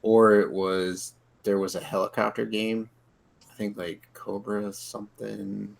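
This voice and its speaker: A man co-hosting a gaming podcast, talking in a rambling, halting way with many fillers over an online call. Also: fairly low pitch, little pitch movement, creaky, low-quality recording. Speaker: podcast co-host. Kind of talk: casual chat.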